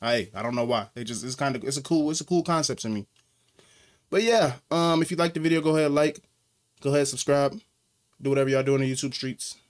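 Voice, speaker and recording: Relaxed let's play host, chatty, reacts aloud, slightly raised pitch. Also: male voice, fast talker. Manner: casual, chatty, reacts aloud, says "you know". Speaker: gaming video host.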